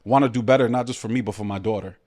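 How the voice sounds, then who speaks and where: New guy, talks super fast, hypes up his stories with slang. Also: lowish voice. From New York City. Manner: animated storyteller, streetwise slang. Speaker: guest. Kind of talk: casual podcast conversation.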